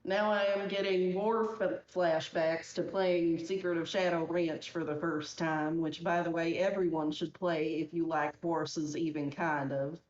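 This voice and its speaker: A woman's voice: on the low side, steady tone, a little slow, few pauses, a little mellow. A woman commentating casually and wryly while running a game. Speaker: speedrunner. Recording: dull echoey recording.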